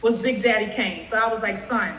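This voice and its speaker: A woman's voice: mid-range voice, a little fast, a bit bright, roomy sound, long reverb tail, poor audio. A woman giving an emphatic, preacherly tribute to a colleague on a group video call. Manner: emphatic and preacherly, with faith language.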